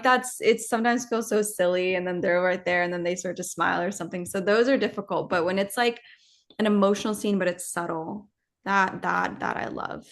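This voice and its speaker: A woman actress talking casually in an interview, animated and rambling, with many fillers and restarts. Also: mid-range voice.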